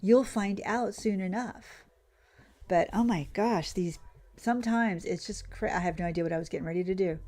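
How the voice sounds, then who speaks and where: A woman's voice: fast talker, darkish tone. A woman streamer ranting in casual chat while playing a farming game, often losing her train of thought. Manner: ranting, loses her train of thought, mimics others in a higher voice. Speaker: gaming streamer.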